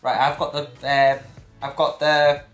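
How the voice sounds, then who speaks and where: A man's voice: fairly high pitch, flat delivery, a little slow, faint music behind. Teasing man in an echoey room. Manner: teasing and playful. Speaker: vlogger. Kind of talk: casual chat.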